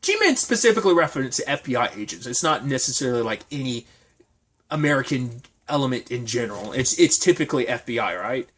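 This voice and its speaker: A man's voice: medium pitch, sing-song, a little fast, a bit bright. Rambling man recapping an episode. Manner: rambling, filler-heavy, speculative. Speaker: TV episode reviewer. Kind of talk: casual recap talk.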